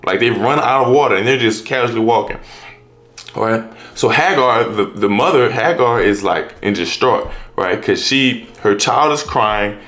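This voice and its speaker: A man's voice: medium pitch, normal speed, fairly bright tone. A man preaching in a loose, conversational way, often restarting his sentences and tagging them with "right?" and "you know". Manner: restarts and rephrases often, street-casual wording. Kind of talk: casual conversational sermon.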